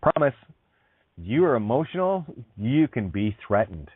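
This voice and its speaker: A man's voice: medium pitch, very animated, unhurried, husky, no room sound. A man hosting an internet radio show, talking bluntly with swearing, laughing and restarting as he goes. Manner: blunt, profane, emphatic. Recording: tinny phone-like sound, dry.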